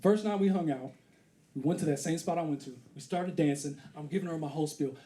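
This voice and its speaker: A man in his thirties performing a stand-up comedy set on a theater stage, acting out scenes with put-on voices and loud exclamations. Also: on the high side, fast. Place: comedy theater stage before a live audience. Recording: live crowd laughter behind.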